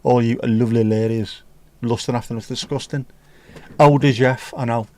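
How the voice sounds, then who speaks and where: A man hosts a relaxed livestream, wandering from joke to joke and breaking into bits of old songs. His voice sits at an ordinary middle pitch. The sound is dry and close, with no room echo. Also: normal speed. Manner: jokey, rambling, sings snatches of songs. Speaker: livestream host. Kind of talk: casual chat reading viewer comments.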